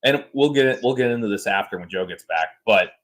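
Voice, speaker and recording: A man in his thirties hosting a podcast, telling stories in an animated, jokey way with some swearing. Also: on the low side, a little fast, low-quality recording. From United States. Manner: animated storyteller, jokey and profane. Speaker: podcast host. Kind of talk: casual chat.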